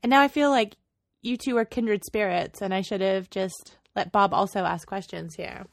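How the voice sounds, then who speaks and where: Gravelly-voiced chatty woman host. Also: mid-range voice, normal speed, no echo, studio quality. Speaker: podcast co-host. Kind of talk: casual podcast chat.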